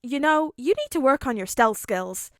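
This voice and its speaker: A woman's voice: sits high, lively intonation, moderate pace, dry recording, clean studio sound. A woman voicing a cheerful, teasing teenage boy hero with an upbeat manner.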